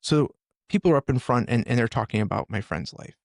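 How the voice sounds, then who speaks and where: A man in his forties, a former first responder, candidly retelling hard experiences on a podcast with intense, animated delivery. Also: medium pitch, fairly quick, vocal fry, no echo, studio quality. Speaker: podcast guest, former police officer and firefighter. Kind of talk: candid personal storytelling.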